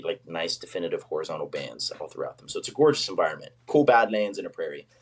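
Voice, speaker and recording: A man from the United States, a paleontologist guest telling stories in a casual podcast chat, full of fillers and restarts. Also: low voice. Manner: chatty, storytelling, many fillers.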